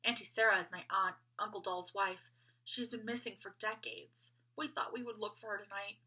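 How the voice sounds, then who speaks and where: A woman voicing an earnest, curious young girl doll in a storybook read-aloud, eager and bright. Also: medium pitch, steady tone, normal speed, breathy edge. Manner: eager, bright, at times hushed.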